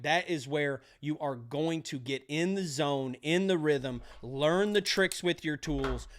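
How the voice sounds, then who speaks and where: A man coaching electricians for their exam, energetic and pep-talking, repeating key phrases. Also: on the high side. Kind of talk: motivational trade lesson.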